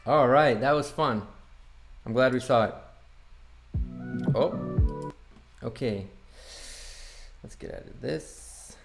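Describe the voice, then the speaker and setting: A man's voice: mid-range voice, takes it slowly, creaky, long pauses, over music. A man, a boat broker, casually reacting to a promotional video, chatty and opinionated as he thinks aloud.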